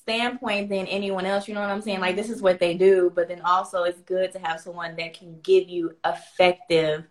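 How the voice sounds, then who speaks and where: A woman from Florida with a light Southern US accent, a guest on a casual girl-talk podcast, relaxed and giggly, talking in loose run-on phrases. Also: on the low side, normal speed, few pauses. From Florida, USA.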